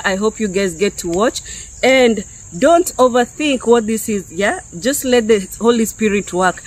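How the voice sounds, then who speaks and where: A woman's voice: a little high, poor audio. Woman from Kenya, online preacher, unscripted and chatty, keeps asking "okay?". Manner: conversational, peppered with "yeah?" and "okay?". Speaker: YouTube preacher. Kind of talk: unscripted spiritual teaching to viewers.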